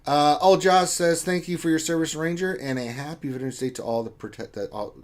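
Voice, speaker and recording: Guy on a live stream reading the chat out loud, joking around, teasing folks. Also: fairly high pitch, a little fast. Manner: joking, reads chat names aloud with playful teasing. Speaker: co-host reading viewer chat.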